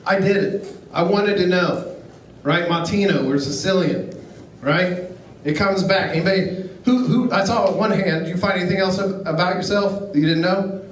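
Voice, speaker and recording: A middle-aged man doing a stand-up comedy set, telling stories in a deadpan way and acting out quotes. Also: sits high, normal speed, slight background noise. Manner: deadpan storytelling with acted quotes. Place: comedy club stage. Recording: echoey club, picked up from far off. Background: audience laughter.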